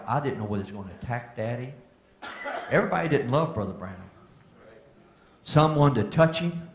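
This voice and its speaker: An older man giving a folksy testimony sermon, rising to fervent shouts. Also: fairly low pitch, slight background noise. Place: church meeting hall. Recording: echoey hall.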